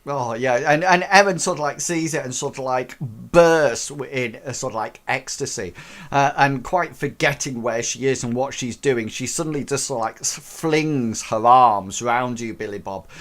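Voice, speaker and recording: A man's voice: medium pitch, moderate pace, fairly bright tone. A man running a tabletop game as game master, narrating in a rambling way full of "sort of, like" fillers.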